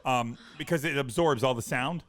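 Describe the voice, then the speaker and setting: A man co-hosting a radio morning show, telling loud, animated stories about what annoys him in casual on-air banter. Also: medium pitch, normal speed. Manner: loud, animated ranting storyteller. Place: radio studio.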